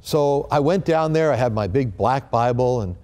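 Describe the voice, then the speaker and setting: A man telling a personal testimony as a lively storyteller, acting out the voices he quotes. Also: medium pitch, normal speed. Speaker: company founder giving a testimony.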